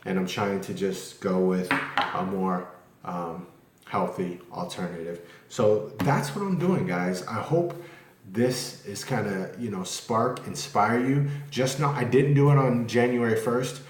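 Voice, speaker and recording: A man's voice: on the low side, measured pace. A man vlogging casually at home, talking candidly and rambling, with occasional cursing. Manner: rambling, candid, curses freely. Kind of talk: casual vlog talk to camera. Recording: echoey room.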